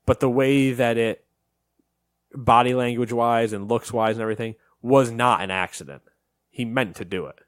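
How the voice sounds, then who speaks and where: A man co-hosting a casual podcast chat, telling a story in an animated way and acting out what people said. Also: medium pitch, normal speed, clean tone, dry recording, studio quality. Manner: animated storytelling, acts out quotes. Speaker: podcast co-host.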